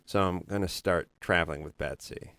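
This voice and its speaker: A man's voice: low-pitched, a little fast, a bit bright, no room sound. A man hosting a podcast, riffing through a swearing comedic rant full of tangents. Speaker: podcast host.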